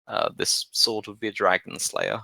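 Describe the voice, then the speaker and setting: A man narrating as game master of a tabletop game, relaxed and hesitant, with many fillers. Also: on the low side, moderate pace, vocal fry, poor audio.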